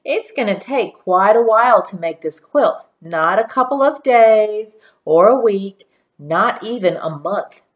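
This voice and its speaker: A woman voicing a warm, proud elderly grandmother who speaks in a folksy dialect with slow, emphatic phrasing. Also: mid-range voice, animated, lightly acted.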